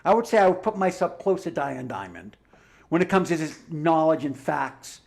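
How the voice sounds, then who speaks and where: A man's voice: fairly high pitch, animated, moderate pace, vocal fry, darkish tone. A man giving a heated, combative livestream monologue, full of swearing and sarcastic asides. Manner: profane, combative ranting. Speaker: livestream commentator.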